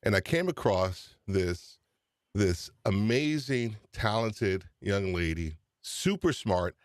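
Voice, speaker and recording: A man's voice: lowish voice, expressive, slow pace, no echo, clean studio sound. A man hosting a live-stream podcast, upbeat and chatty, often repeating his phrases. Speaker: podcast host.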